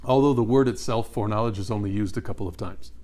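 A man's voice: lowish voice, fast, warm tone. A man leading a Bible study, reading verses aloud and asking his listeners questions. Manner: emphatic, asks the audience questions and repeats answers. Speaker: Bible teacher.

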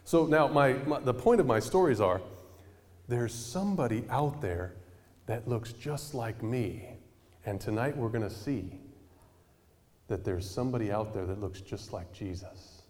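A male preacher tells stories from the pulpit in a relaxed, conversational way, stopping now and then to quiz the congregation. His voice sits at a middle pitch. The sound carries a long reverb, like a big church hall. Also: a little slow. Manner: conversational, animated, addresses audience with questions. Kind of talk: storytelling sermon.

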